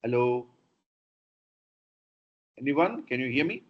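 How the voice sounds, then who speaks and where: Indian English professor lecturing over a video call. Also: male voice, mid-range voice, big pitch swings, slow pace. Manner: repeats words to show stress contrasts. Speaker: professor teaching pronunciation. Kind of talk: online lecture. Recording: dull lo-fi video call audio.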